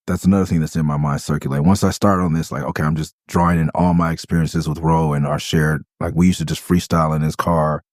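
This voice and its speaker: A middle-aged man from Los Angeles, whose voice he himself calls high pitched, talks fast and steadily with few pauses in a slightly mellow tone, recorded clean in a studio with no room sound. He breaks down his own rap song in rambling, casual storytelling commentary, laughing and slipping into funny character voices.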